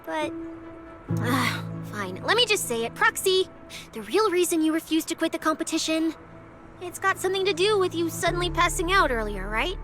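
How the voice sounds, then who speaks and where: A woman's voice: extremely high pitch, big pitch swings, normal speed. An actress voicing Cecilia, a playful, food-loving young female public security specialist in a video game, teasing and joking as she talks. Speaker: game character. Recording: game audio with music behind.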